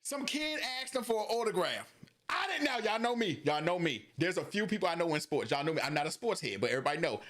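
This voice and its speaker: A man with a high, bright voice spins funny stories in a casual podcast chat. He laughs as he goes and drops into little voices for the people in his tales. His tone stays loose and lively throughout. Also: quick pace. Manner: animated storyteller, laughs often, acts out voices. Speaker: podcast co-host.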